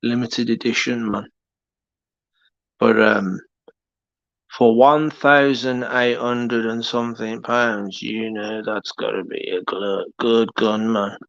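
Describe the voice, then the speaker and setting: A man with a Birmingham accent drifts through casual late-night live-stream chat at an unhurried crawl. He rambles, pauses and fills the gaps. His voice is gravelly, and the recording sounds dull and lo-fi. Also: medium pitch, flat delivery, dry recording. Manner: slow, rambling, halting with many fillers.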